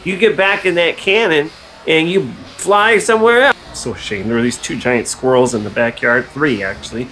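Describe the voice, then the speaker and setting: A man delivering absurd deadpan comedy bits that burst into sudden shouts. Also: fairly high pitch, normal speed, a little hiss or hum, low-quality recording. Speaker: comedy sketch creator.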